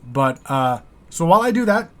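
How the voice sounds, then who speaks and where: A man's voice: a little high, very animated, normal speed, fairly bright tone. An American man hosting a reaction video, rambling candidly through his thoughts and swearing now and then. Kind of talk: casual reaction commentary.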